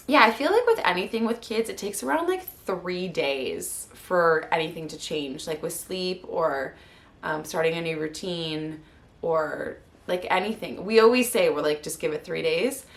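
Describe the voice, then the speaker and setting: A woman's voice: lowish voice, gravelly. A woman in her thirties, a mother, telling her story in a heartfelt, rambling way with many fillers, close to tears at times. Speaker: vlogger and mother. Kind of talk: candid personal vlog.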